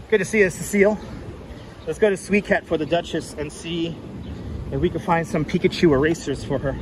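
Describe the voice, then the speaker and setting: A chatty man with a fairly high voice talks casually to his viewers, greeting them by name as he walks. He is outdoors on a clip-on mic, and loud street traffic rumbles behind him. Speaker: livestreamer walking the city. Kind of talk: casual livestream chat to viewers. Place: outdoors on busy city streets in summer heat. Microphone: wireless clip-on mic.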